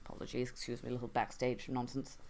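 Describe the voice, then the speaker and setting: A woman's voice: extremely low pitch, level tone, fast talker, gravelly, darkish tone. A young adult woman streaming an improvised interactive story and chatting with viewers, with wry, self-mocking asides.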